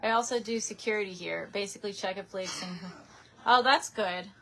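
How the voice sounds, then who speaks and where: A woman's voice: medium pitch, a little fast, fairly bright tone. A young woman chatting casually on a live stream from her parents' house, reading out viewer comments on a webcam mic.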